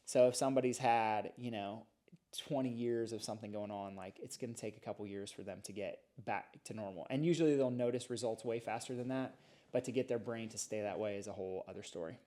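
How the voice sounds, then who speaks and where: A middle-aged man, a chiropractor, explaining and telling stories in a casual podcast interview, talking in a lively, animated way. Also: lowish voice, brisk. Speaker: chiropractor guest.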